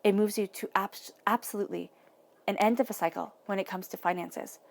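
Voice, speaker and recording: A woman giving an intuitive tarot reading, earnest and emotional, speaking softly through affirmations and restarting her thoughts often. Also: mid-range voice, fairly even intonation, brisk, gravelly. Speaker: tarot reader.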